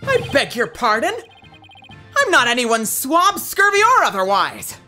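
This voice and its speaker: A woman's voice: fairly high pitch, huge pitch swings, unhurried, sharp tone, soft background music, full character voice. A woman voicing a prim young female lawyer who takes offense. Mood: indignant. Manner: indignant.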